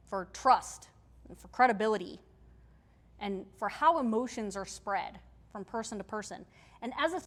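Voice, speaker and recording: Woman workshop presenter, slightly high voice, chatty, emphatic, speaking into a mic before a room. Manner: conversational, emphatic, checks in with the audience. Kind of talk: live technical-community workshop talk. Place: meetup room with audience. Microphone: handheld or stage mic.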